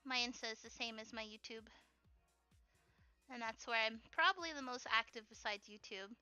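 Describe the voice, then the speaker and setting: A young woman with a high, very bright voice chats while drawing on a stream. She rambles in an animated way, full of fillers and quick giggles. Her voice is smooth and clean over dry sound and faint music. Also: no echo. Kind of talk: casual chat while drawing.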